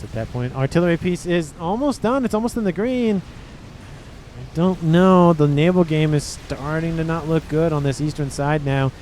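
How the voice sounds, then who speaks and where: Man, game caster, somewhat high voice, excitable, faint background noise. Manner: excitable, talks to the players. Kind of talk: strategy game commentary.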